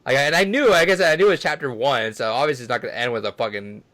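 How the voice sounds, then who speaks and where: A man's voice: medium pitch, very fast, a bit bright. A man co-hosting a gaming podcast, ranting and swearing in casual chat. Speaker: podcast co-host.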